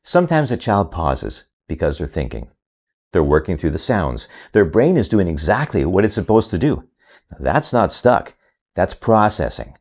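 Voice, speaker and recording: A man explaining to parents how to help a child who gets stuck while reading, calmly sounding out words slowly as he demonstrates. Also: low-pitched. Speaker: reading instructor. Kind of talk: instructional talk to parents.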